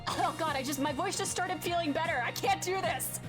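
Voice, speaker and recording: Giggly young woman streamer, high voice. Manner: excitable, giggly, quick asides. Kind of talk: let's-play commentary. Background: loud game music.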